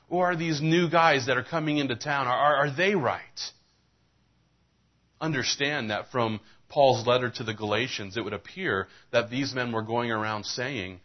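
A man's voice: medium pitch, normal speed, highs cut off. A man preaching a sermon as a pastor, reading scripture and telling folksy jokes.

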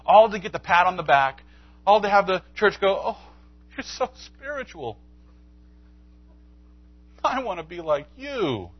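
A man's voice: dry recording, muffled recording. A man preaching a sermon in church, telling a story and acting out its dialogue. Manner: animated storytelling, acts out dialogue with pitch jumps. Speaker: pastor. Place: church sanctuary.

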